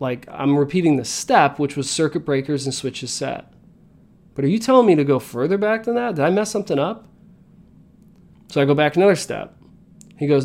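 Earnest motivational man, higher-pitched. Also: expressive, normal speed, pauses often, darkish tone. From United States. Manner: earnest, coaching tone. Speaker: podcast host. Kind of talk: motivational storytelling.

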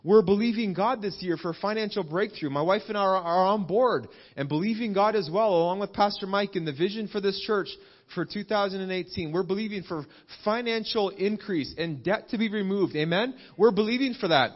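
A man's voice: sits high, brisk, highs cut off. A man in his thirties preaching a sermon, earnest, repeating phrases and asking the congregation "amen?". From Canada. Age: 30s. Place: church service.

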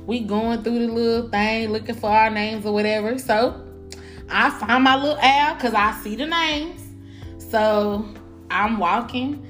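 Animated woman telling a story. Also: a little high, slow pace, faint music behind. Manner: animated, profane and frank. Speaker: vlogger. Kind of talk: casual storytime.

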